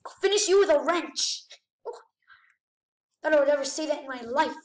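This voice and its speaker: Excitable woman doing game commentary, high voice, echoey room, mic set back. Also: normal speed, long pauses, distant mic. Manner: excitable, gasping, exclaiming. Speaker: gamer. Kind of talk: gameplay commentary.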